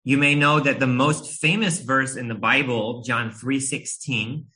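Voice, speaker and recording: A man in his thirties preaching a sermon, telling a family story in an earnest, gentle way with a few hesitations. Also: medium pitch, fairly even intonation, a little slow, low-quality recording.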